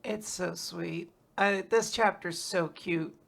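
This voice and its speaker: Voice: mid-range voice, steady tone, slow pace, creaky, a bit bright. A co-host in a casual recap chat, talking in a chatty, hedging way. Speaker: podcast co-host.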